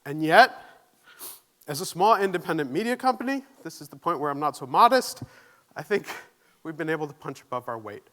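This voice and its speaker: Man, keynote speaker, high and bright, nervous but earnest on a stage mic. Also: expressive, brisk, a little hiss or hum. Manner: earnest, self-deprecating, audience questions. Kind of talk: conference keynote talk. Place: conference stage.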